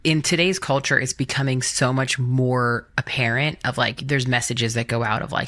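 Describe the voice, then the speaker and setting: A woman co-hosting a faith podcast in casual chat, relaxed and filling her sentences with "like.". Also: rumbling low, normal speed, hardly any pauses, no echo. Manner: relaxed, uses filler "like". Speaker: podcast co-host.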